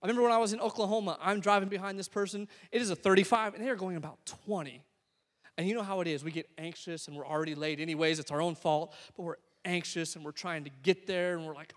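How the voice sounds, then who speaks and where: A man's voice: sits high, fairly even intonation, fast talker. Man preaching in a reverberant hall. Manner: conversational preaching with humorous asides. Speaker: pastor. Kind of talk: sermon.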